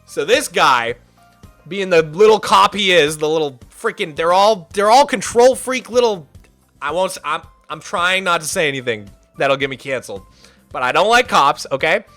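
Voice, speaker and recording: Animated, ranting male streamer. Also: sits high, moderate pace, faint music behind. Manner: animated, ranting, sarcastic, swings to shouting. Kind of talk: casual storytelling on a livestream.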